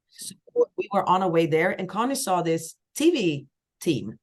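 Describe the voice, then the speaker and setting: A woman from Sweden, a singer-songwriter guest telling lively stories in a casual podcast chat. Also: fairly quick. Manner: lively storyteller, acts out quoted voices with big pitch jumps.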